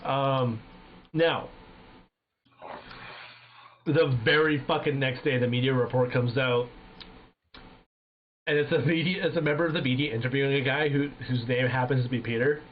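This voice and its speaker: Homem com som fino de telefone, falando palavrões. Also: male voice, medium pitch, moderate pace, pauses often. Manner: profane, animated, acts out voices in anecdotes. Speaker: streamer. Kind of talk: casual storytelling chat. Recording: tinny phone-like sound with faint noise.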